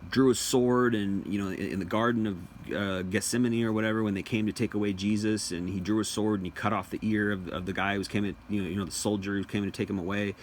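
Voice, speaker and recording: A young man with a low, deep voice talks in a loose, opinionated monologue. He circles back on his own phrases, stumbles through restarts and hammers his points by repeating them. Faint noise sits underneath. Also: fairly even intonation, fast, few pauses. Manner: rambling, repeats phrases, emphatic. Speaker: commentator.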